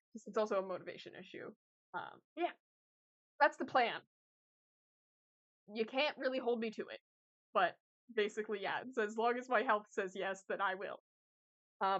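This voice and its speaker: A woman's voice: medium pitch, a bit bright. A young woman streamer chatting casually with her viewers, rambling with lots of fillers and laughs. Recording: slightly dull lo-fi audio.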